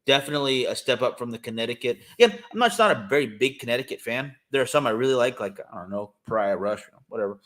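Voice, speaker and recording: A man's voice: medium pitch, expressive, quick pace, hardly any pauses, a bit bright. Casual podcast co-host, man, talks loosely and keeps going, lots of "um"s, easygoing and eager. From California. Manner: rambling, enthusiastic, many fillers. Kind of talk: casual chat.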